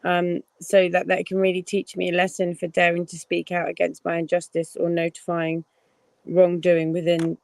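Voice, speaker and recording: A woman guest in casual podcast chat, speaking in a wry, measured way. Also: lowish voice, monotone, gravelly, darkish tone, no room sound.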